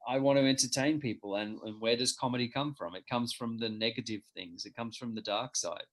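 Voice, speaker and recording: A man from Australia, a stand-up comedian whose accent has softened from living in Britain, talking in a relaxed interview with frequent restarts and ums. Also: mid-range voice. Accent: Australian, softened by years in Britain. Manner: halting, many restarts and ums. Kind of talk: casual interview.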